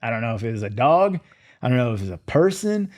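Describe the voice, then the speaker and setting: Man, middle-aged, interview guest, lively storyteller, mid-pitched voice. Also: fast. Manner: animated storyteller, acts out his own thoughts in quotes. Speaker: guest, former Green Beret.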